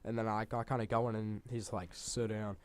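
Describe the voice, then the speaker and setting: A man's voice: on the low side, flat delivery, fast talker. A young man, a gaming channel host telling a rambling school story over gameplay, swearing freely and exaggerating.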